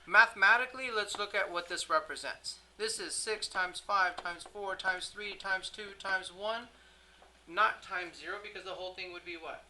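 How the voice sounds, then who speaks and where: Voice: medium pitch, moderate pace, pushed and bright, slight background noise, poor audio. A math teacher giving a classroom lecture, who keeps checking in with the class, poses questions and corrects their own slips.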